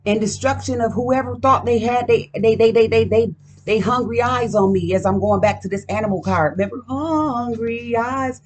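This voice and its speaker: A woman's voice: a little high, fairly quick, slightly rough. A woman doing a casual card reading at home, talking in a profane, emphatic, rambling way. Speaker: card reader.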